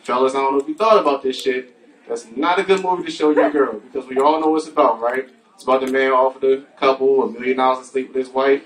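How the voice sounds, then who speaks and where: A man's voice: mid-range voice, fairly even intonation, fast talker, a bit bright. Crude, bantering male stand-up comic. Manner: crude, playful audience banter. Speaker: stand-up comedian. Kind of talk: stand-up comedy set. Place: comedy club stage. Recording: distant mic with music behind.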